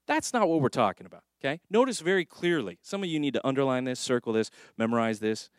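Lively preaching pastor, dry close sound. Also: male voice, mid-range voice, quick pace, no room sound. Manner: conversational preaching with lively acted asides. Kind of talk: sermon.

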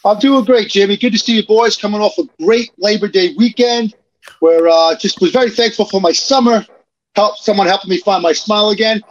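A man's voice: sits high, fairly quick, muffled recording, slight background noise. A man on a sports podcast panel, boasting cockily in rhymes and ribbing his co-hosts. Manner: cocky, rhyming boasts. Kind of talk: casual sports banter.

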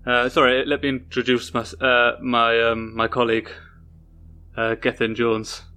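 A man's voice: medium pitch, monotone, moderate pace, bright, forceful tone, close to an everyday voice. A man voicing an awkward undercover agent who speaks in a prim, formal way, fumbling with fillers. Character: awkward male agent posing as a polished researcher.

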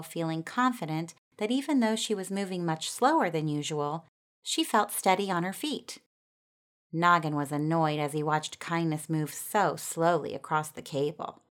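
A woman narrating a children's storybook in a gentle, expressive reading voice. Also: on the low side.

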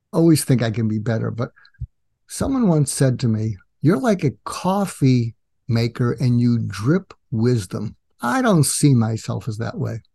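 A man's voice: mid-range voice, creaky, husky. An older man, a psychiatrist and author, telling stories in a casual interview and acting out the quoted voices. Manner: animated storyteller acting out quoted dialogue.

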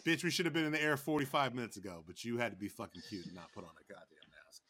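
A man co-hosting a podcast in casual, profane, animated chat. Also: medium pitch, rapid-fire, slight background noise. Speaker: podcast co-host.

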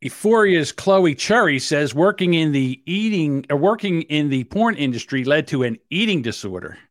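A man's voice: on the high side, very animated, moderate pace, dry recording, studio quality. A man co-hosting a podcast, joking in a crude, brash, casual way. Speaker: podcast co-host.

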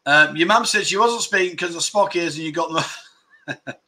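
Man, middle-aged, livestream host, jokey, laughs a lot, bright edgy voice. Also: a little high, moderate pace. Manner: jokey, laughs often while reading out viewer comments. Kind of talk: casual livestream chat.

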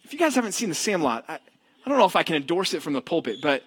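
A young adult male pastor preaching a sermon in a church, telling stories in an animated way and acting out the lines of the people in them. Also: on the high side, fast, a little hiss or hum. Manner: animated storytelling, acts out characters' lines.

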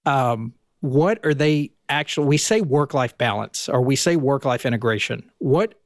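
A man's voice: medium pitch, animated, moderate pace, dry recording, studio quality. A man in his thirties hosting a podcast, reflecting conversationally with restarts. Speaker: podcast host. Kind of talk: conversational interview.

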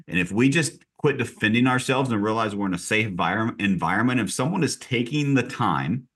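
A man who leads a real estate team, telling stories in an energetic, direct and emphatic way during a podcast conversation. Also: fairly low pitch, a little fast, breathy edge.

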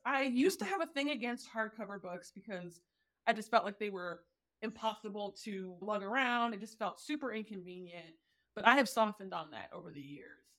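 A woman guest on a casual podcast, speaking from her home office, animated and laughing often. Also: on the high side, normal speed. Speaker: podcast guest, book reviewer.

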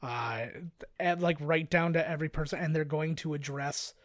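Co-host, male, fairly high voice, loose rambling delivery, dry close sound. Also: moderate pace, dry recording. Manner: rambling, self-correcting, laid-back. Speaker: podcast co-host. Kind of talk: casual chat.

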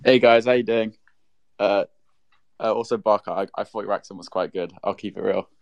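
Low, gravelly man on a dry mic. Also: a little fast, no echo. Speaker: guest speaker. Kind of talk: casual chat.

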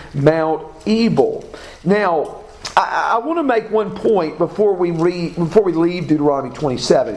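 A man teaching a Bible class, reading scripture aloud and asking his students questions. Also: sits high. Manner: reads scripture aloud, asks class questions, self-corrects. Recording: echoey room, faint background noise.

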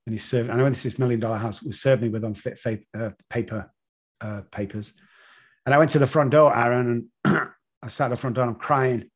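A middle-aged man telling a confessional personal story in an interview, halting and repeating himself. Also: mid-range voice. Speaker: guest.

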